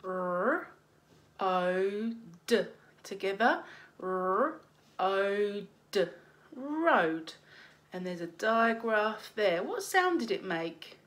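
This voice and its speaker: A woman teacher leading a phonics lesson for young children, slowly sounding out letters and praising them. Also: medium pitch, expressive, fairly bright tone. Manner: slow, encouraging, sounds out letters.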